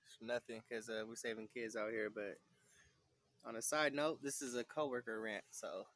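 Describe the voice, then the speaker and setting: A man's voice: medium pitch, steady tone, moderate pace, fairly bright tone, no echo. A man vlogging a casual, rambling rant about work, full of fillers and swearing. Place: San Diego.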